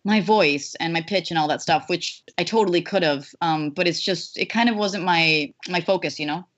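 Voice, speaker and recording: A woman voice actress chatting as an interview guest, animated, with lots of fillers and restarts. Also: lowish voice, moderate pace, muffled recording. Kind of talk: casual interview chat.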